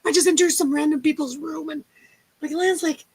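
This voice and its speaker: A woman telling lively stories on a casual livestream chat and acting out the people in them. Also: high-pitched, a little fast. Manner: animated storyteller, acts out quotes. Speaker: guest storyteller.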